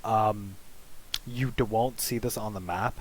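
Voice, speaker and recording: A man's voice: on the low side, steady tone, measured pace, slight background noise, poor audio. A man narrating a tabletop role-play as game master, in a casual, rambling way.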